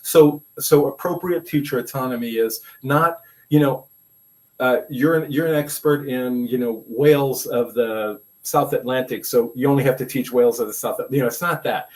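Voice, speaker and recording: A man's voice: mid-range voice, moderate pace, low-quality recording. Older man telling rambling stories. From Brooklyn, New York. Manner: rambling, restarts and many "you know" asides. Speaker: guest, veteran school administrator. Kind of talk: casual conversational storytelling.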